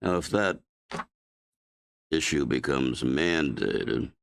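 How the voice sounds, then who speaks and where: A man chairing a school board meeting, calling motions and roll calls in a brisk procedural manner with dry humor. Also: very deep voice, expressive, creaky, a little hiss or hum.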